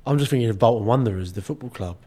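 A man's voice: lowish voice, rapid-fire, warm tone. A young English man co-hosting a podcast in casual chat, joking around and often slipping into mock accents. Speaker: podcast co-host.

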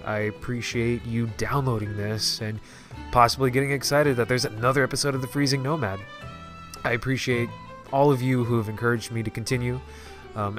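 A man hosting a casual solo podcast with a stuffy nose, talking in a halting way with lots of restarts. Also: mid-range voice, a bit bright. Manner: halting, many fillers and restarts. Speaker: podcast host.

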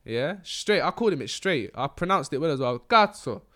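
A man's voice: fairly high pitch, animated, fairly quick, fairly bright tone. Slangy young man, rambling. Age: young adult. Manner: slangy, rambling, laughs often. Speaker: podcast host. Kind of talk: casual chat.

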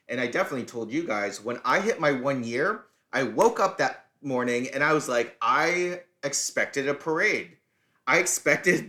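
A man with a bright, forward voice speaks on a podcast in casual chat. He is frank, steady and reflective. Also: medium pitch.

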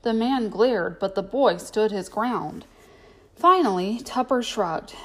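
A woman's voice: mid-range voice, slow pace. Woman reading a storybook aloud. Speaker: narrator.

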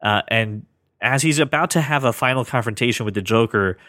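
A man co-hosting a casual podcast, talking earnestly about comics and thinking out loud with lots of restarts. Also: medium pitch, a little fast, no echo, clean studio sound. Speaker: podcast co-host.

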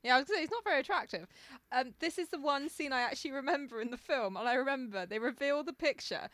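A woman's voice: high-pitched, expressive, fast, fairly bright tone, no room sound. A woman co-hosting a podcast, reacting with giggles and jokey asides. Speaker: podcast co-host. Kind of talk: casual chat.

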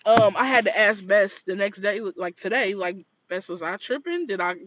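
A woman co-hosting a podcast, telling a story in casual chat and acting out the yelling in it. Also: mid-range voice, normal speed, muffled recording. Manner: animated, acts out quoted yelling. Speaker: podcast co-host.

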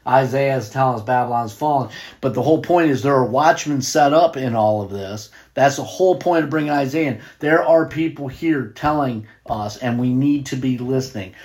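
A man's voice: mid-range voice, a little mellow. A man teaching a Bible study in a casual, conversational way, reading scripture and wandering off on tangents.

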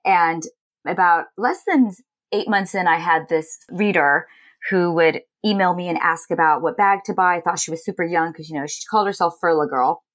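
A woman from Los Angeles chats in a relaxed interview with a somewhat low voice. She tells her stories with energy and acts out other people's lines. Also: moderate pace. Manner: animated, quotes others in lively voices. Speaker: guest, entrepreneur. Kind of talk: casual storytelling interview.

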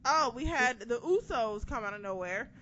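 A woman's voice: a little high, normal speed. A woman co-hosting a podcast, chatting casually through a wrestling recap with sarcastic, profane asides. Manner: profane, sarcastic, animated retelling. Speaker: podcast co-host. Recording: dull lo-fi sound with background noise.

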